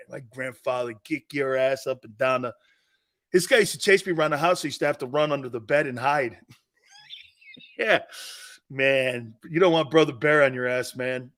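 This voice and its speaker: A man's voice: mid-range voice, fairly bright tone. A man hosting a sports talk show, telling stories in a boisterous, casual way, laughing often and swearing freely. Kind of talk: casual chat and storytelling.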